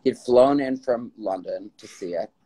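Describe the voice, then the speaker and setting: A man's voice: fairly low pitch, measured pace, breathy edge, low-quality recording. A man hosting a casual phone live stream, telling rambling stories with many restarts. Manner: warm storytelling, rambling with restarts. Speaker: writer and host of the stream.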